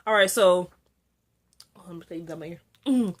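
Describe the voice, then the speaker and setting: A young woman recapping a TV episode in a casual vlog, chatty and excitable, full of fillers and asides. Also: normal speed. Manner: chatty and excitable, frequent "like" and filler, jumps high when excited. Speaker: TV episode reviewer.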